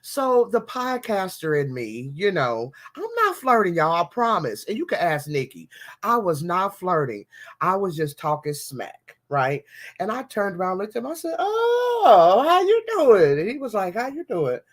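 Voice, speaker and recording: A woman's voice: fairly low pitch, moderate pace. Chatty woman podcast host telling stories. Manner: animated storytelling with slang, addressing listeners as y'all. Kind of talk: casual chat.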